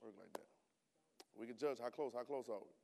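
With a mid-range voice and some vocal fry, a man delivers a brisk sermon in a church. He addresses the congregation casually and fires off rhetorical questions, then climbs into loud, emphatic bursts.

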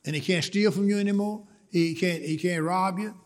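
A man's voice: sits high, moderate pace, in a large hall. A man preaching a sermon, repeating words and building to emphatic points. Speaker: pastor.

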